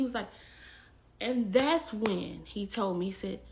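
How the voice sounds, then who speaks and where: A woman's voice: mid-range voice, slow, creaky, darkish tone. A woman from Texas telling a personal faith testimony in a rambling, casual way, with many fillers and repeated phrases. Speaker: vlogger.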